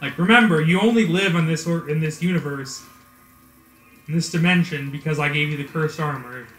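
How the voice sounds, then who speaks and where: A scheming villain goads a warrior in a smooth, mock-dramatic way, as a man puts him on. The voice sits a bit high and bright. An echoey room surrounds it. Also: brisk, soft background music, natural voice. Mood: coaxing.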